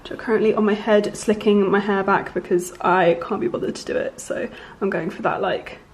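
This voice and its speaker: A young woman chatting casually in a home vlog, bubbly and often dropping into a soft half-whisper. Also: mid-range voice, fairly even intonation, brisk. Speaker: vlogger.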